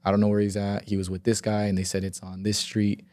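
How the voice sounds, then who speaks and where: Low, mellow-voiced young man telling a story. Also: monotone, fast talker, no echo. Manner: rambling, heavy filler words and reenacted quotes; swears freely. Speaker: podcast guest. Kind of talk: casual storytelling. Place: podcast studio.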